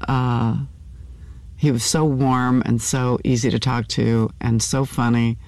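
An older actress speaking candidly in an interview, with halting restarts and fillers. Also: female voice, a bass voice, steady tone, darkish tone, no echo. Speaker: actor, interview guest.

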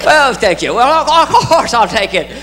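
A man's voice: very high-pitched, sing-song, moderate pace, pitched above the performer's own voice. A man doing a kindly old Irish cop. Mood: friendly. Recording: live club, crowd laughter, noisy.

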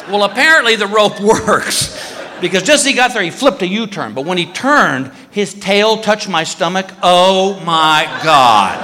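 A male stand-up comedian telling a story in an animated way, shouting sound effects. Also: high voice, unhurried, a little hiss or hum. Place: comedy stage before a live audience. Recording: live hall reverb, faint ambience.

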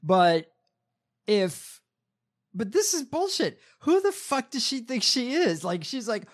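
A man co-hosting a casual political chat with a lively, swinging pitch. He laughs often, swears freely and sometimes slips into quick imitations. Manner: laughing, profane, given to quick mimicry. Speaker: podcast co-host.

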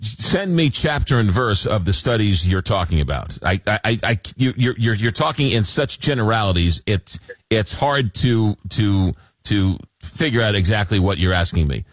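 A man's voice: fairly low pitch, lively intonation, no room sound. A man hosting a late-night call-in radio show, reading listener messages and talking with callers, with frequent fillers and restarts. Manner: reads listener messages aloud, halting with fillers. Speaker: radio talk show host.

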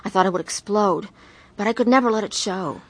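An actress as an earnest, confessing wife. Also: female voice, medium pitch, fairly quick, no room sound, natural voice. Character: troubled middle-aged wife telling her story, woman. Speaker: narrator and main character. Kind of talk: dramatized testimony narration.

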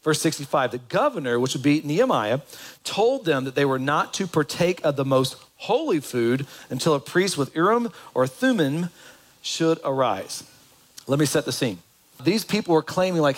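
A man's voice: a little high, big pitch swings, moderate pace, rough recording. Conversational man preaching a sermon. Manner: conversational, asks the congregation questions. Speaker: pastor.

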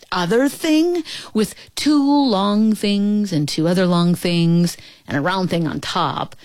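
A woman reads a children's story aloud, her pitch leaping up and down with the tale. She sounds playful and animated. The recording is dry and close to the mic. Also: no room sound. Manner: expressive, swooping pitch.

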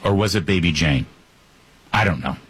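A man's voice: deep voice, animated, moderate pace, noisy background. A male talk radio host delivering a sarcastic, joking monologue into a studio microphone.

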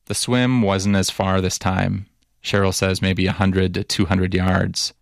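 Deep, flat-toned male narrator. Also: creaky, no echo, studio quality. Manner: measured, even storytelling. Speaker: reporter and narrator. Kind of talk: scripted documentary narration.

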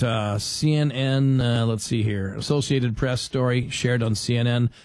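A man hosting a talk radio show, reading news aloud and adding sarcastic, animated asides. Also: a little high, no echo. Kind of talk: casual talk radio commentary.

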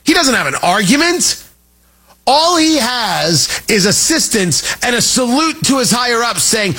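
A man's voice: very high-pitched, big pitch swings, measured pace, pushed and bright, breathy edge, faint music behind. A man hosting a radio talk show, talking in an emphatic, sarcastic way about politics.

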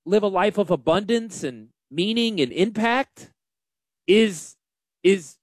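A man hosting a casual financial radio show, talking in an animated, joking and self-deprecating way. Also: high-pitched, no echo, clean studio sound. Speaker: financial advisor and radio host.

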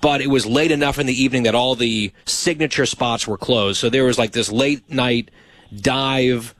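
A man's voice: mid-range voice, normal speed, fairly bright tone, no room sound. Dry, teasing male host. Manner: dry teasing, wry storytelling. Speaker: show host. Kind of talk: casual chat.

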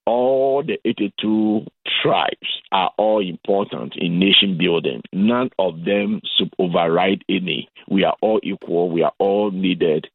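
A man from Ghana with a Ghanaian accent, calling in as a guest on a radio interview and explaining things in a measured way. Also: low-pitched, creaky, breathy edge, no room sound. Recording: phone-line sound.

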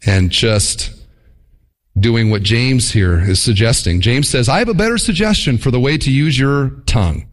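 A man preaching a sermon in an animated way, acting out quick mock voices to make his points. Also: mid-range voice. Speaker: pastor.

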